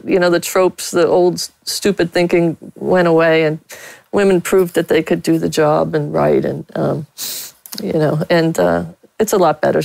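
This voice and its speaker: A woman's voice: on the low side, vocal fry, no echo, low-quality recording. A woman from Pittsburgh, a veteran sportswriter, telling blunt stories in a casual interview with many fillers and laughs. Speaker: sportswriter guest.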